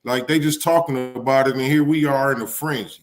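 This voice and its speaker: A man's voice: medium pitch, steady tone, fairly quick, music in the background. A man co-hosting a talk show, chatting casually and posing questions in a laid-back, easygoing way. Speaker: co-host. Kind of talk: casual political chat.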